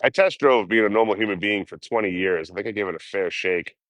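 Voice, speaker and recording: A man's voice: on the low side, quick pace, a bit bright, no room sound. A man chatting casually with his livestream viewers, rambling and swearing as he talks about life on the road. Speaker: livestreaming traveler.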